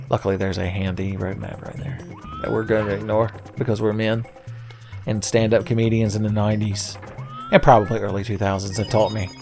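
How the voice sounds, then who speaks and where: A man hosting a casual let's-play video, rambling with sarcastic, profane jokes. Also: fairly low pitch. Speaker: gaming video host.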